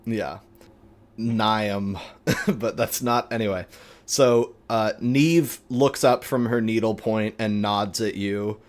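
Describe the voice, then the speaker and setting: Male game master, lowish voice, leisurely rambling narration. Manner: unhurried, rambling with fillers.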